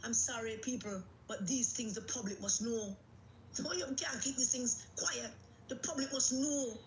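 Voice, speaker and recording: A woman with a Jamaican accent and a higher voice, working as a political commentator, delivers an angry political rant, agitated and emphatic, repeating herself for force. The audio is poor, with an echoey room and slight background noise.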